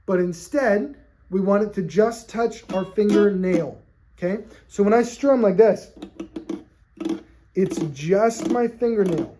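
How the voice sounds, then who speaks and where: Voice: medium pitch, takes it slowly, music in the background. A ukulele teacher giving an on-camera lesson, friendly and patient, asking "okay?" after nearly every point and counting beats aloud over ukulele strumming. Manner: friendly, checks in with "okay?" constantly.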